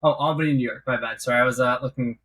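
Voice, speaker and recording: A man hosting a podcast interview, quick, agreeable and chatty with his guest. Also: medium pitch, steady tone, a bit bright. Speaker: podcast host. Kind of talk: casual interview chat.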